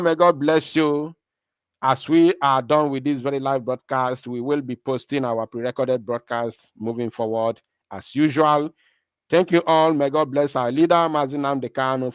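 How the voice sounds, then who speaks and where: A man speaks straight to his live-stream audience, emphatic and rallying, repeating his points. His voice sits at a middling pitch, and the sound is dry and close. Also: no echo.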